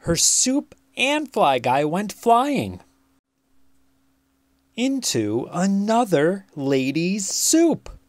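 A children's book reader telling a picture-book story aloud, slow, deliberate and expressive. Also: mid-range voice, no room sound.

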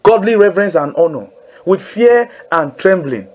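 Preacher, man, high voice, drives points home by repeating them. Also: lively intonation, normal speed. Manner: emphatic, repeats key phrases, asks listeners to say lines with him. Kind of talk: call-in Bible teaching.

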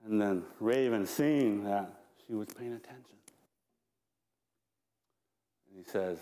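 A man telling a traditional legend aloud at a live talk, with playful, animated narration. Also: fairly low pitch, normal speed, few pauses. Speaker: traditional storyteller. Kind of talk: live oral storytelling. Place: lecture hall. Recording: echoey lecture room.

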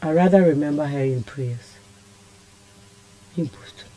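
A Ghanaian woman, a guest in a radio studio, tells a personal story in a deep, dark voice at a measured pace. She's impassioned and rambling, switching between languages.

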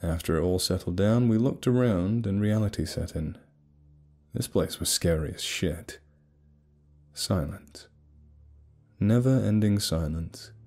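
Deep-voiced man narrating a horror story. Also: measured pace, long pauses, warm tone. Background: faint music.

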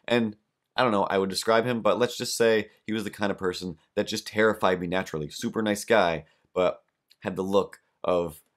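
Deep-voiced man, podcast host, casual comedic monologue, rambling deadpan humor. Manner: rambling, deadpan jokes, many restarts.

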